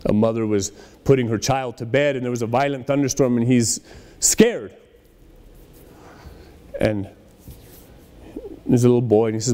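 Steady and mellow, this medium-pitched man speaks at a moderate pace, pausing often, with a long reverb tail trailing his words. He's a pastor giving a conversational church sermon, performing small dialogues as quotes.

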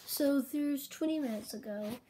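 A woman's voice: sits high, normal speed, mellow. A woman casually recapping her own homemade comic series, rambling along and quoting characters with "and he's like" over a noisy home recording. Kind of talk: casual rambling story retelling.

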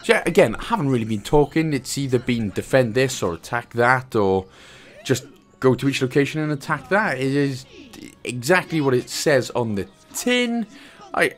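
A Welsh man hosting a gaming channel chats casually over gameplay. He jokes and mocks himself between tips, with a middle pitch that swings lively up and down. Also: moderate pace, faint music behind. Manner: joking, chatty, self-mocking.

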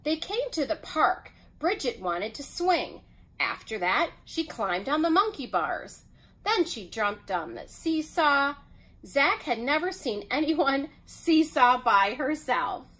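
A woman reading a children's picture book aloud as storyteller, in an expressive way. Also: sits high, low-quality recording. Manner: expressive, unhurried.

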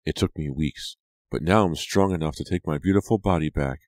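A man with a very deep voice voicing a vengeful scarred teenage girl who shouts her demands, in an audiobook. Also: fairly quick, no echo, clean studio sound.

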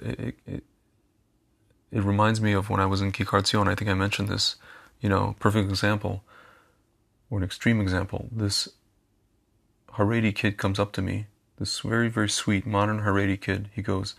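A man's voice: on the low side, little pitch movement, normal speed, creaky, a bit bright. A man talking casually straight to his viewers as a commentator, chatty, repeating phrases and calling them his friends. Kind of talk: casual direct-to-camera monologue.

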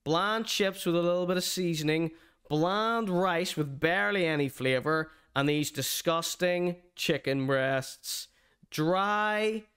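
A man's voice: sits high, fairly bright tone, clean tone. Mocking man ranting about food. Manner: mocking, exaggerated and theatrical. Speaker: streaming show host. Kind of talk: comedic food rant.

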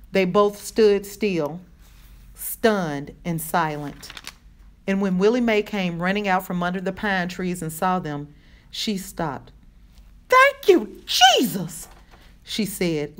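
A woman reading a children's novel aloud in measured narration. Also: on the low side. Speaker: audiobook reader.

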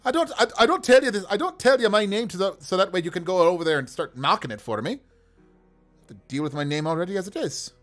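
Man doing a high, pleading half-orc storyteller. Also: animated, fast, soft background music. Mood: defensive. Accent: put-on Italian accent. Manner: pleading, stammering, high and strained. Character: jittery male half-orc traveling storyteller.

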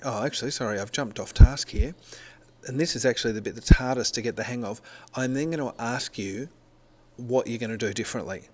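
Speaking at a medium pitch, a middle-aged teacher from Australia talks through a recorded presentation in a chatty style. He walks through things step by step, pausing to correct himself.

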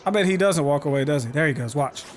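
An excitable man narrating his gameplay in a high, very lively voice, swearing freely and yelling at the game. Faint game music plays under him. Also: fast. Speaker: let's play host. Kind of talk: gameplay commentary.

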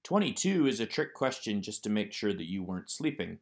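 A man with a somewhat low voice goes through workbook answers like a teacher recording a lesson. He explains each item step by step, calm and methodical, as a voice-over on slides. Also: fairly quick. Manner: methodical, explanatory walkthrough of exercises. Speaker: Hebrew teacher.

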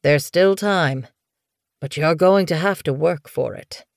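A woman voicing a gruff old male medicine cat who speaks raspy, slow and ominous, in a dry, close recording. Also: deep voice, no room sound, heavily acted.

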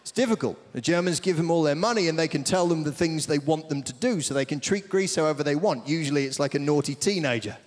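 A man performing stand-up comedy on a large theatre stage, telling a lively, rambling story with asides to the crowd. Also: on the high side, quick pace, hardly any pauses, big-room sound. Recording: big theatre with roaring audience.

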